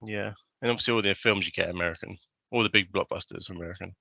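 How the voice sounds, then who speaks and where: A young man talks loosely on a podcast, rambling through ideas with plenty of ums and the odd swear word. His voice sits very low, with a bright, forward edge. The sound is dry and close, with no room around it. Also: very fast, gravelly, no room sound, lo-fi sound. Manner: rambling, swears freely, many fillers. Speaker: podcast co-host. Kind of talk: casual chat.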